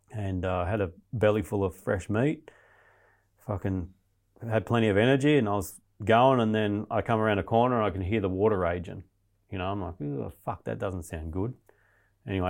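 Deep gravelly man telling a story. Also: a little mellow. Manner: blunt, heavy swearing, rambling. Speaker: guest. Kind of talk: casual storytelling interview.

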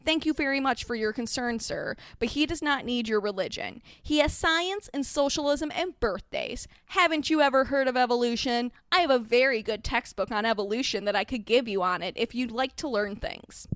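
A woman's voice: high voice, expressive, unhurried, few pauses, fairly bright tone, no room sound, studio quality. A woman voicing a fussy, condescending aunt who speaks in a sickly sweet way.

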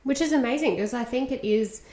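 A woman's voice: a little high, brisk, warm tone. Encouraging woman in an echoey room. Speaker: podcast host. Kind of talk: casual interview chat.

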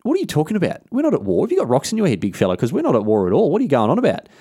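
A man's voice: fairly high pitch, wildly swooping pitch, very fast, warm tone, breathy edge, no echo, clean studio sound, heavily acted. A man voicing a blunt, indignant male British sea captain who talks in an exasperated way.

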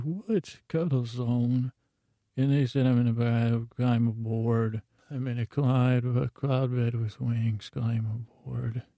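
A man hosting a bedtime podcast, telling a meandering, drowsy run of offbeat listener shout-outs. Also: mid-range voice, creaky, no echo. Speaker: podcast host. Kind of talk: rambling bedtime podcast storytelling.

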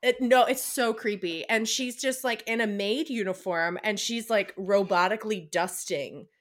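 A woman's voice: mid-range voice, normal speed. A young woman podcast co-host retelling a book in a chatty, casual way. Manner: chatty, with frequent fillers and laughs.

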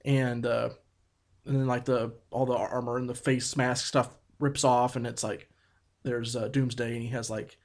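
A man co-hosting a casual podcast, speaking in a relaxed way with many fillers and reading out episode summaries. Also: medium pitch, normal speed. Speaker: podcast co-host. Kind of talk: casual chat.

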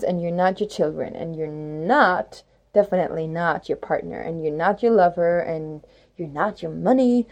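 Mellow, rambling spiritual woman host. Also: on the low side, vocal fry, dull audio. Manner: rambling, reflective, many "like"s, playful rhymes. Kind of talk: reflective spoken monologue.

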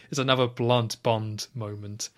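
A man's voice: mid-range voice, fairly bright tone. Chatty man recapping a film. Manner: retells scenes at length, chatty with quick asides. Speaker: podcast co-host.

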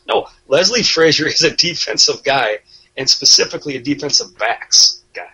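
A man's voice: a little high, expressive, moderate pace, sharp tone, slightly rough, poor audio. A man co-hosting a podcast, talking sports in a blunt, profane, rambling way. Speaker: podcast co-host. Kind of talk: casual sports chat.

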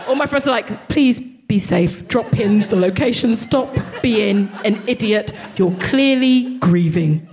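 A woman's voice: a little high, moderate pace. Woman telling a stand-up story on stage. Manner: animated, laughing, swearing. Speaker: comedian. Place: live comedy venue.

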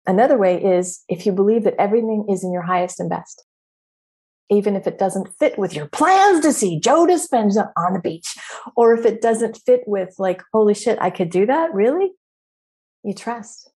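Middle-aged woman, podcast host, casual spiritual coaching talk, lively, swears, acts out her inner dialogue. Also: medium pitch, normal speed. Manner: animated, swearing, acting out her inner voices.

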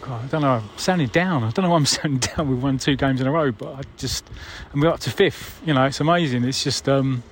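A man's voice: medium pitch, fast talker, few pauses. Conversational man with faint background hum. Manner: conversational, mild swearing, wry laughs. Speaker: caller leaving a voicemail. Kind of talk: casual voicemail.

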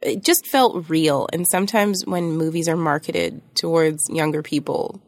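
Chatty young woman, low-pitched, dry close sound. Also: a little slow, no echo. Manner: chatty, laughs often, many restarts. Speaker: podcast co-host. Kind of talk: casual chat.

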